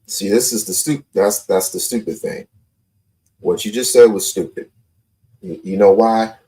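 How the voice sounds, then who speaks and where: A man's voice: fairly low pitch, unhurried, warm tone. A man hosting a live call-in stream, talking confrontationally and repeating his points. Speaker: livestream host.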